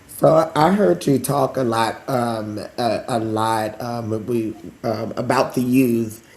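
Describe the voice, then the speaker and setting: Slow, hesitant podcast host, echoey room. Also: medium pitch, a little mellow. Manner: slow, hesitant, lots of ums. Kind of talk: casual podcast chat.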